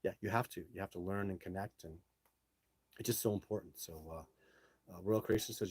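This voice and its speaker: Brash, husky-voiced man hosting live. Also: lowish voice, lively intonation, quick pace, darkish tone, dry recording. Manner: blunt, brash storytelling. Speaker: live show host reading viewer comments. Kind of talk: casual live-stream chat. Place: home setup, speaking to a phone.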